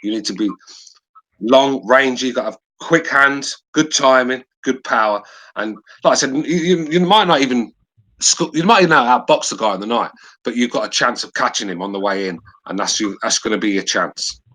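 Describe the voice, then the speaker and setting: Brief: male co-host, husky voice, casual boxing talk. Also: mid-range voice, moderate pace, sharp tone, low-quality recording. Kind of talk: casual podcast chat.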